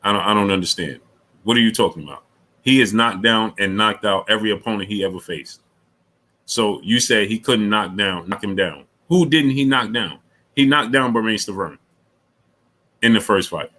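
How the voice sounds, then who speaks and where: A middle-aged man hosting a casual live stream, reading super chats, repeating himself and climbing high when he argues. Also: normal speed, rough recording. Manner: animated, repeats himself, rises sharply when arguing.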